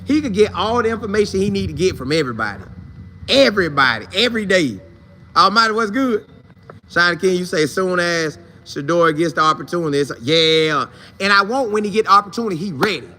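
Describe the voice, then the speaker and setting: A man hosting a casual sports talk live stream, shouting out viewers by name in loose, slangy, animated talk. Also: high-pitched, brisk.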